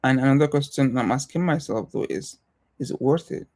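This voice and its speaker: A young man with a non-American accent talks through his thoughts on a livestream. His voice is mellow and relaxed, and he speaks in a thoughtful, halting way with frequent pauses and restarts. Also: medium pitch. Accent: non-American English accent. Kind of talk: casual reflective livestream talk.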